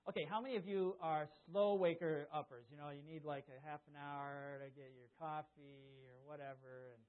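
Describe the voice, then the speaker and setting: A man preaching a conversational sermon at a church service, asking the congregation questions and acting out quotes loudly. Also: a little high, steady tone, moderate pace. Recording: tinny, phone-like sound.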